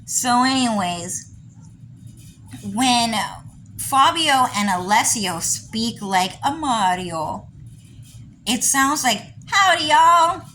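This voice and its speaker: A woman's voice: fairly high pitch, lively intonation, very slow, pauses often, fairly bright tone, a little hiss or hum, poor audio. A woman, rambling through a casual monologue for her diary vlog, full of "you know" and "like.". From California. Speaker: diary vlogger.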